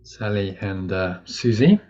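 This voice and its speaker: A man hosting a video call, relaxed and a little hesitant as he invites participants to share. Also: on the low side, measured pace. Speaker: session host. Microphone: video call microphone. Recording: dull lo-fi call audio with faint noise.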